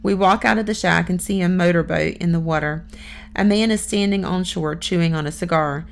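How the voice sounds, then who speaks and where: Low-voiced woman narrating a storybook. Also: fairly quick, creaky. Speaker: audiobook narrator. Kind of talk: first-person audiobook narration.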